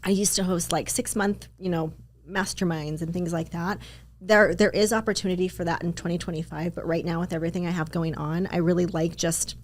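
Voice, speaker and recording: A woman with a slightly lower-than-average voice chats easily as a podcast guest. She talks with upbeat energy, leaning on fillers like "like" and "um" as she explains things. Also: fairly even intonation, brisk. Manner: chatty, upbeat, filler-heavy with "like" and "um". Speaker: podcast guest, business coach. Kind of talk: casual interview chat.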